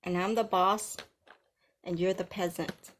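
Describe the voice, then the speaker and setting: A woman's voice: on the low side, steady tone, unhurried, fairly bright tone, slight background noise. A woman ranting in a vlog, giving mocking, bossy commands. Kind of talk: taunting vlog rant.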